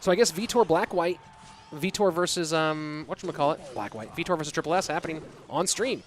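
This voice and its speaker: A man's voice: fairly high pitch, brisk. A young man casting an esports tournament alone from his home office, chatting loosely with viewers between games. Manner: chatty, rambling, talks straight to viewers. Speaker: esports caster. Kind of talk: solo live-stream commentary and chat reading.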